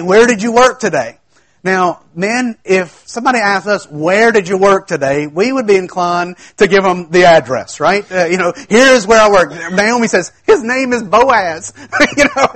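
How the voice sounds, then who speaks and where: A man preaching an expository sermon in a conversational way, acting out the quoted lines of the story. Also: on the high side. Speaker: pastor.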